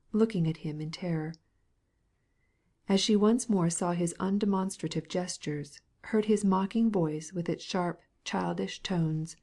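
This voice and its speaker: A woman narrating a classic novel as an audiobook, in a measured, soft-spoken reading. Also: fairly low pitch. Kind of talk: scripted narration.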